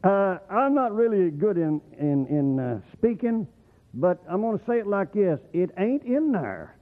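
A man preaching a rambling, folksy sermon, often swooping up into excited whoops. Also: high-pitched, unhurried. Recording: tinny phone-like radio broadcast.

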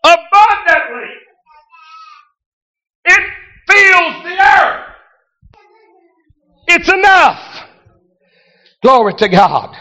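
A man's voice: very high-pitched, big pitch swings, very slow, pauses often, bright, forceful tone, shouting. A man preaching a fervent sermon, breaking often into amens and hallelujahs. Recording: dull lo-fi recording.

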